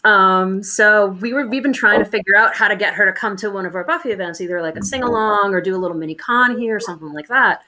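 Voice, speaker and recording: Woman, Boston accent, podcast co-host, casual chat, animated, bright tone. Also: medium pitch, fast, few pauses, poor audio. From Boston area. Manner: animated, laughs often.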